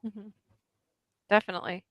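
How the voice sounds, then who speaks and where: A woman's voice: moderate pace, dry recording, lo-fi sound. A woman co-hosting a book podcast, asking a guest questions with brief affirming replies. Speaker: podcast co-host. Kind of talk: interviewing a guest.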